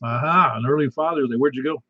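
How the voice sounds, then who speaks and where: A man with a mid-range voice talks fast as net control host of a casual amateur radio net, making folksy, rambling announcements full of fillers. A missing tooth gives him a slight lisp. The dull lo-fi radio audio has a noisy background.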